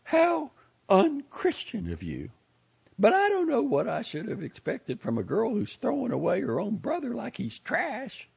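Man voicing a shrill, pompous old lady. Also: huge pitch swings, a little slow, vocal fry, slightly rough, dull audio, heavily acted. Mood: indignant. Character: plump older Southern woman, pompous, nosy.

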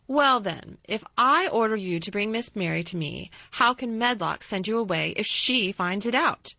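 A woman voicing an imperious, spoiled young boy who gives slow, demanding orders. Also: mid-range voice, expressive, vocal fry, bright, forceful tone, no room sound, exaggerated voice. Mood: commanding. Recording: slightly dull dry recording.

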